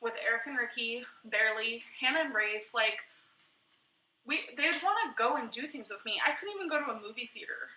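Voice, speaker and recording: A woman vlogging casually while she cooks, out of breath. Her voice is fairly high and bright and carries a roomy echo. She talks frankly and pokes fun at herself, with a soft hiss of noise behind her. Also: lively intonation, a little fast. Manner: candid, self-mocking, laughs often. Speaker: vlogger in a played clip. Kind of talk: casual vlog while cooking.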